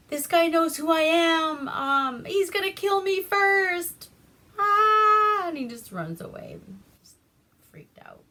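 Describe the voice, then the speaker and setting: A woman from Alaska hosting a casual movie recap. She rambles, swears freely and keeps a deadpan tone. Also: on the low side. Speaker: host.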